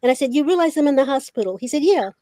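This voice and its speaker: A woman's voice: sits high, racing, no room sound. An older woman, a veteran journalist, telling stories from her career in a casual conversation and acting out the dialogue she recalls. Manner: animated storyteller who acts out quoted dialogue. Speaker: veteran journalist, talk show guest. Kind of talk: casual storytelling.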